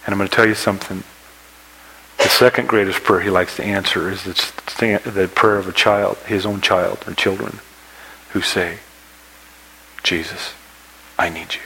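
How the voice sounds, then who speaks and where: A man preaching a sermon, telling a story with rising excitement and dropping to a hush for quoted prayers. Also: moderate pace, creaky, slight background noise, low-quality recording. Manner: storytelling preacher, acts out scenes with rising pitch. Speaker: pastor.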